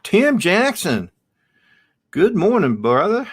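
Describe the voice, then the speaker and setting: A man's voice: high voice, huge pitch swings, husky. A middle-aged man hosting a casual live stream from home, rambling and chatting back to viewer comments in front of his camera. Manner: slow, rambling, reads out and answers viewer comments. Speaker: livestream host.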